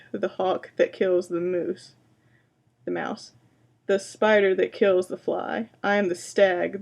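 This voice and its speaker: A woman voicing an ancient, towering male tree monster who speaks slowly and grandly, rising to a roar. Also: mid-range voice, creaky, a little mellow.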